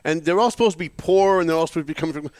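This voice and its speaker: A man hosting a podcast in casual chat, cutting in with quick questions and turning to the listeners. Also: fairly high pitch, darkish tone, no echo. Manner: quick interjections, talks to listeners. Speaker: podcast host.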